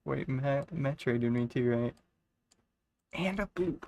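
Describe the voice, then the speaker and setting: A woman streaming a game live, gushing and swearing excitedly as she chats with viewers. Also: extremely low pitch, unhurried. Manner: excitable, swears and gushes freely.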